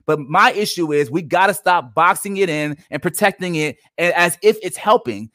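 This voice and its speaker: A man's voice: high voice, animated, normal speed, few pauses, fairly bright tone, no echo, studio quality. A man in his thirties co-hosting a casual faith discussion, emphatic and preachy. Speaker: podcast co-host.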